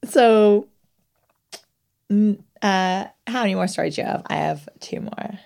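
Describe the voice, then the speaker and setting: A woman's voice: mid-range voice, unhurried, vocal fry, a little mellow. A young woman co-hosting a podcast, wry and teasing, swearing casually as she chats and tells stories. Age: young adult. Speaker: podcast co-host. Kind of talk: casual chat, storytelling.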